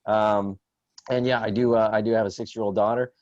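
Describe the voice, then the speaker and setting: Low-voiced man doing stand-up, many ums. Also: flat delivery, brisk, no room sound, dull audio. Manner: rambling, hesitant with many fillers, jumps loud for quoted outbursts. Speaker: stand-up comedian. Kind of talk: stand-up set over video call. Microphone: video call.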